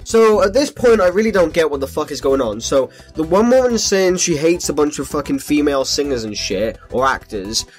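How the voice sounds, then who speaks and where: Ranting young-sounding man, raised pitch. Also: very animated, a little fast, hardly any pauses. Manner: ranting, incredulous, heavy swearing. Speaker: reaction vlogger. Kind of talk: profane reaction commentary. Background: faint background music.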